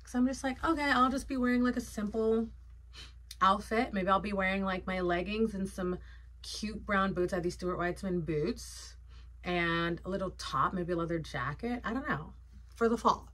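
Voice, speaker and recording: A woman's voice: lowish voice, moderate pace, a bit bright. Chatty woman vlogger showing off sunglasses. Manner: chatty, playful, lots of fillers. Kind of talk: casual haul chat.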